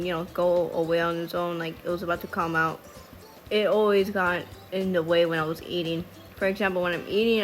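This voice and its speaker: A woman telling a casual storytime over a drawing video. She rambles, swears freely, wanders off on tangents and stutters at times. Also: medium pitch. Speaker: storytime vlogger. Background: faint background music.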